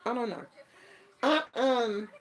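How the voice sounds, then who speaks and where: A woman hosting a show and telling a story in casual chat, animated and acting out what people said. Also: a little high, takes it slowly. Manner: animated, acts out quotes. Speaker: host.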